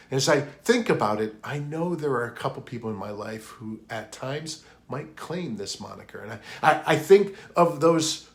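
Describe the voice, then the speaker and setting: A man's voice: medium pitch, a bit bright. A man preaching a sermon for an online worship video, opening with a prayer and telling a story in an earnest voice that rises for emphasis. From New England. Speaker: pastor.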